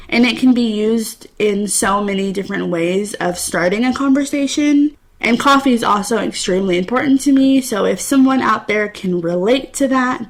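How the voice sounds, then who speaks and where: A young woman in her twenties hosting her own podcast, telling personal stories in a candid, chatty way. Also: mid-range voice. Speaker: podcast host. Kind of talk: casual solo podcast talk.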